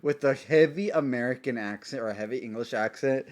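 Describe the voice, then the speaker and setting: Brisk and a little mellow, this medium-pitched man chats loosely on a live stream. He giggles, wanders off topic, and keeps breaking off his own sentences.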